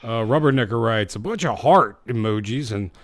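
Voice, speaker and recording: A man's voice: mid-range voice, animated, brisk, a crowd in the background. A man hosting a live show, joking and laughing as he reads out viewer comments. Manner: jokey, laughs between comments. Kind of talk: casual live-stream chat reading viewer comments.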